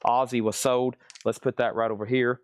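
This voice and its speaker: Smooth-voiced man running a live auction. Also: mid-range voice, level tone, moderate pace. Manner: rattles off titles and prices with chatty asides. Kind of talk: live-stream record sale.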